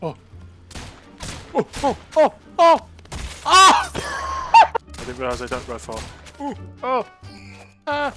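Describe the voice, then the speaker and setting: A man's voice: extremely high pitch, takes it slowly, pauses often, music in the background. A man hosting his gaming channel, bantering casually and yelping and laughing a lot over the gameplay. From United Kingdom. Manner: excitable, yelps and laughs a lot.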